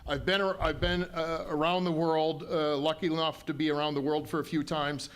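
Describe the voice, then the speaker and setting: A man's voice: on the high side, level tone, moderate pace, a bit bright, clean tone. A man, a county official answering questions at a town hall in a folksy, conciliatory way with frequent ums and restarts. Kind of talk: public town hall remarks.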